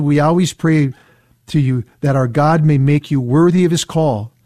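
A man reading Bible verses aloud and explaining them in an earnest teaching style. He reads slowly and leans on key words. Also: on the high side, warm tone, no echo, studio quality. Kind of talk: scripture reading and commentary.

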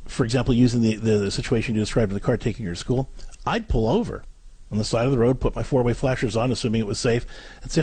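A man's voice: mid-range voice, fairly even intonation, fast talker, slightly rough, dry recording. A man co-hosting a parenting advice radio show, coaching callers step by step in an earnest way. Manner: earnest, coaching, acts out gentle parent scripts.

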